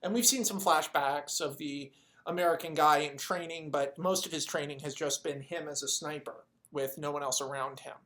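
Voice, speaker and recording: A casual storyteller rambling through a made-up movie plot, full of swearing and little acted-out snippets of dialogue. The voice sits at an ordinary middle pitch. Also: steady tone, normal speed, a bit bright. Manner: rambling, profane, acts out the characters' lines. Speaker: video creator pitching a movie idea.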